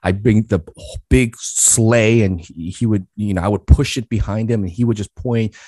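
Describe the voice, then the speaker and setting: A man from Queens, New York, sharing a story in a podcast interview, animated and full of restarts. His voice is very low and deep. The recording is close and dry, with no room sound. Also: normal speed, no room sound. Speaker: guest, business speaker.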